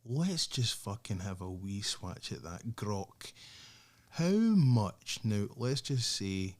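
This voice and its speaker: A man's voice: lowish voice, big pitch swings, slow pace, a little mellow. Scottish guy ranting solo on his podcast, swears a lot, keeps laughing. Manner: sweary, laughs often, sardonic. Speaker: podcast host.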